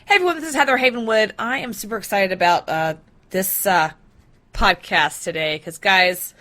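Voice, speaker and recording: A woman hosting her own podcast, talking casually and excitedly with frequent fillers and laughs. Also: medium pitch, measured pace, pauses often. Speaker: podcast host. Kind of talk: casual solo podcast talk.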